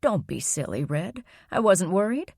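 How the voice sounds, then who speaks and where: A woman voicing a calm, secretive grandmother who speaks in a soft, low, soothing way. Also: measured pace, creaky, husky, no room sound, clean studio sound, full character voice.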